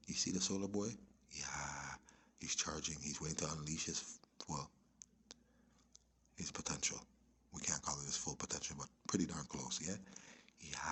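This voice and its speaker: A man giving rambling spiritual commentary, lecturing and checking in with listeners, often dropping into a hushed whisper. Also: rumbling low, creaky, slightly rough. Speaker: religious commentator. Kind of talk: rambling spiritual commentary over video clips.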